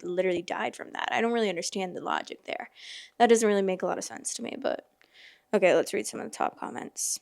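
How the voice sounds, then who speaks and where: A woman's voice: mid-range voice, no echo. Chatty woman on a dry close mic. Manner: chatty, filler-heavy, exclamatory. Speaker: podcast host reading stories. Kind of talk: casual chat and reading aloud.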